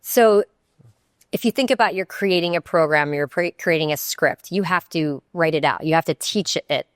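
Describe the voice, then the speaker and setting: A woman with a low, smooth voice explains her thinking through example after example. She talks conversationally, restarting sentences as she goes. The recording is dry and close. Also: normal speed, no echo. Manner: explanatory, uses many examples, frequent restarts. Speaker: guest, networking consultant. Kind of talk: conversational podcast interview.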